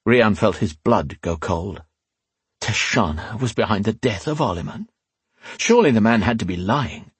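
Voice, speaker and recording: A man narrating a fantasy novel in measured, dramatic storytelling. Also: lowish voice, expressive, breathy edge, no echo. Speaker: audiobook narrator.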